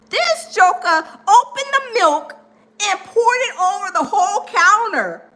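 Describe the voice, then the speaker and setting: High-voiced animated woman host. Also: unhurried. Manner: animated, chatty, reads viewer comments aloud; acts out quoted people in different voices. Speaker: livestream host. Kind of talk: casual commentary chat.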